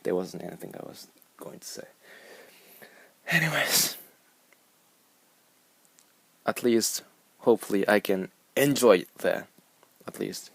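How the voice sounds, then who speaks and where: A man's voice: on the low side, animated, a little slow, gravelly, long pauses, dry recording. A young man with a Japanese accent, rambling and musing aloud in a casual vlog. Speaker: vlogger.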